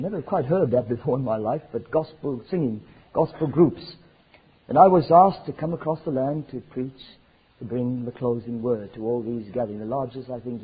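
A man preaching a sermon, swinging from loud fervent declarations to hushed near-whispers. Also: medium pitch, slightly rough. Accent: South African. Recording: tinny lo-fi sermon recording with faint noise.

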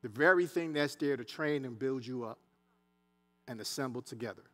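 A man preaching a sermon in a church, animated and conversational, with asides and dialect. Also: medium pitch, moderate pace. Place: church sanctuary.

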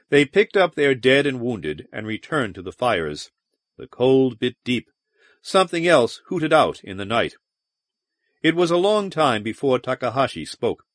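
A man narrating a science fiction audiobook in a measured, dramatic manner. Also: mid-range voice, big pitch swings, no echo, studio quality. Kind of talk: scripted narration.

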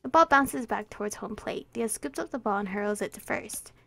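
A young woman playfully reading a visual novel aloud as a streamer, giggling and breaking into loud outbursts. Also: medium pitch, lively intonation, normal speed, vocal fry, dry recording. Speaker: let's play streamer.

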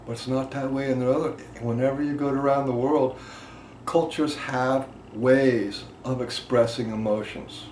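A man's voice: mid-range voice, fairly even intonation, moderate pace. Impassioned man teaching in an echoey room. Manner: impassioned, swings between loud emphasis and quiet asides. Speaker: emotional release teacher. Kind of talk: teaching talk to a group. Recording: echoey room with faint background noise.

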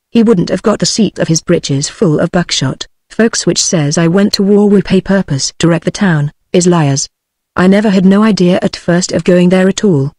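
A text-to-speech woman's voice with a British English accent, narrating an audiobook in an even, machine-read way. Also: lowish voice, dry recording, clean studio sound.

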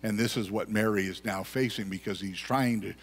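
A man's voice: lowish voice, fairly even intonation, a little fast, breathy edge. Man preaching in a reverberant church. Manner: conversational preaching with repeated phrases. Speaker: pastor. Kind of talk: sermon. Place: church sanctuary. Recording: long church hall reverb.

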